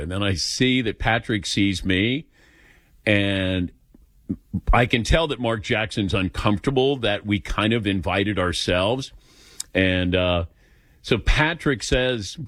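Male radio host, lively swooping delivery, dry studio sound, takes calls. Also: lowish voice, measured pace, no room sound. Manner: animated, acts out voices in anecdotes. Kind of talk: casual storytelling and taking calls.

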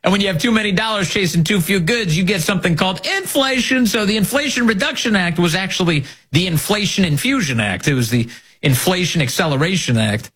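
A man's voice: high-pitched, animated, a little fast, a bit bright, breathy edge. A man giving casual, mocking political commentary, laughing at his own jokes.

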